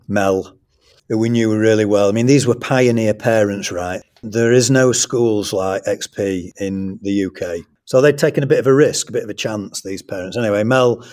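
An English man, a school trust leader, telling a personal story in an interview in an animated, conversational way. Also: lowish voice.

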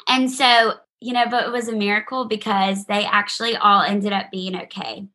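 A woman's voice: medium pitch, sharp tone. A young woman telling an audience a heartfelt personal testimony, speaking earnestly and directly to them. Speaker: speaker sharing her testimony.

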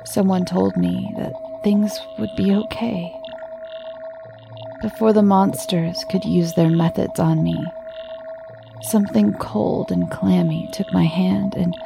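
Slow, gravelly woman narrating a story. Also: lowish voice, steady tone. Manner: hushed, often half-whispered delivery. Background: music.

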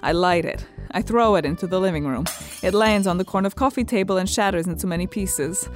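An actress playing a blunt, matter-of-fact young Estonian immigrant woman in a radio drama, speaking halting, broken English with an Estonian accent and searching fillers. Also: fairly low pitch, faint music behind, lightly acted.

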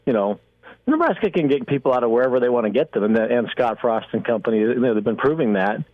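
A relaxed man rambles through a call-in chat on sports radio, with plenty of fillers. His voice comes through a tinny, narrow phone line. The sound is dry, with no room echo. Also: mid-range voice, fast talker.

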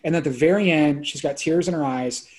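A man around forty, a filmmaker guest chatting on a podcast, excitable and rambling, full of "like" and casual swearing. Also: a little high, brisk.

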